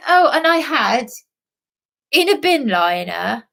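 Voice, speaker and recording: An English woman vlogger delivers an emotional monologue in a sing-song, slow, gravelly voice with a fairly bright tone. Agitated and rambling, she swears and repeats herself, mimicking other people in high put-on voices.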